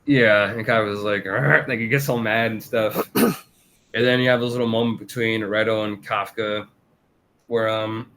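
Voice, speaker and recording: Background noise runs under this man's steady, normal-speed voice as he co-hosts a casual podcast review chat. Laughing often, he acts out character lines, pushing his pitch up for the quotes.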